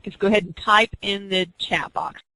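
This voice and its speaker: A woman's voice: medium pitch, steady tone, normal speed, sharp tone, no echo, low-quality recording. A woman teaching an online class, explaining reading skills step by step and acting out teacher and student examples. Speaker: teacher educator.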